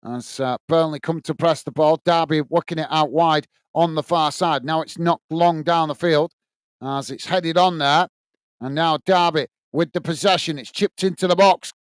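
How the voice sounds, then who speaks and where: A man's voice: a little high, fairly even intonation, moderate pace, clear, resonant tone, no echo. Lancashire man calling a football match. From England. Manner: running play-by-play, reading viewer comments aloud, calls people mate. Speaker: host of a football watch-along. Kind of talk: live match commentary and chat reading.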